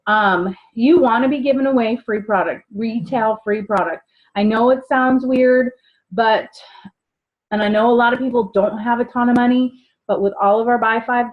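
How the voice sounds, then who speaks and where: A woman with a slightly high voice coaches new sellers in a loose, chatty way. She keeps slipping into little acted dialogues to show how a customer talk goes. The sound is dull and lo-fi. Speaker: sales trainer. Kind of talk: casual training talk.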